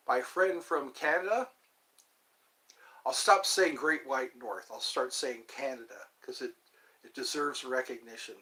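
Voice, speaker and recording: A man's voice: medium pitch, a little slow, pushed and bright, low-quality recording. A man rambling through a casual livestream monologue, wry and self-mocking.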